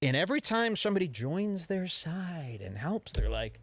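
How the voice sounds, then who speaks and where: A man hosting a radio show, ranting in a brash, mock-serious and deliberately offensive way. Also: high-pitched, very animated, gravelly, no room sound. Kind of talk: provocative comedic talk radio rant.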